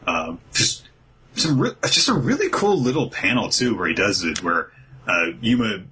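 In a low-quality recording, a podcast host with a lowish, breathy-edged voice talks through a manga's story at a moderate pace. The chat is easygoing, and he animatedly performs the characters' lines with laughs along the way.

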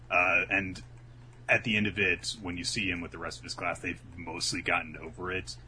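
A man with a very low voice tells a story in loose, casual chat and slips into quick put-on voices for the quotes. His tone is bright and sharp. A faint hum sits under the recording. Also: poor audio. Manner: rambling, animated, acts out quotes in voices. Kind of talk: casual chat recapping a manga.

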